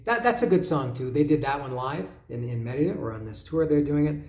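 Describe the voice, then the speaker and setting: Man, solo album-review host; hesitant, musing delivery, hums melodies; slightly high voice, roomy echo. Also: lively intonation, fast talker, few pauses, darkish tone. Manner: musing, hesitant, humming melodies and reading lyrics aloud. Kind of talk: casual solo commentary.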